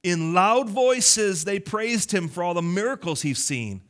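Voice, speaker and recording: A male pastor preaching a lively, conversational sermon, teasing his congregation. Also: high-pitched, unhurried.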